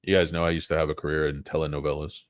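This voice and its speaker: A man's voice: extremely low pitch, flat delivery, racing, no echo, clean studio sound. A man hosting a casual livestream show about stocks, rambling, joking and poking fun at himself. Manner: joking, rambling, self-mocking.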